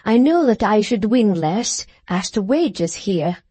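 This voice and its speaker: A woman voicing an intense young French lady's maid in an audiobook, speaking in a low, subdued, earnest way with a French accent. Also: lively intonation, slow pace, warm tone, breathy edge, dry recording. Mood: earnest pleading. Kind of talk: audiobook character voice.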